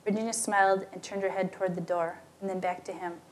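A woman's voice: medium pitch, steady tone, fast, a little hiss or hum. A woman narrating a story aloud, lightly giving voice to the characters in plain storytelling. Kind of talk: scripted narration.

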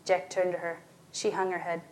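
A woman reading a short story aloud as narrator, shifting her pitch and volume for the dialogue. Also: level tone, moderate pace, darkish tone.

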